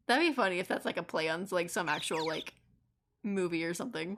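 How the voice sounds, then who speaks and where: A woman's voice: lowish voice, brisk, a bit bright, a little hiss or hum. A young woman streaming a game, making crude, swearing, joking asides between the dialogue. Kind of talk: casual gameplay commentary. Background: game music.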